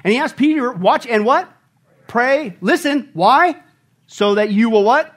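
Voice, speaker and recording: Pastor preaching with an animated, call-and-response style and a high voice that swings widely. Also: male voice, unhurried. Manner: animated, asks the congregation questions, jokes. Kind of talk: sermon.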